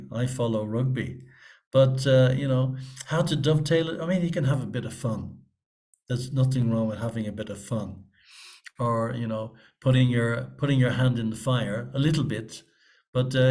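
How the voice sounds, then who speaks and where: A man answers a question during an online scripture class. He talks in a loose, conversational way, circling back and restarting his sentences, and his voice sits at an ordinary middle pitch. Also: a little mellow. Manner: conversational, rambling, frequent fillers and restarts. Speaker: speaker giving a class.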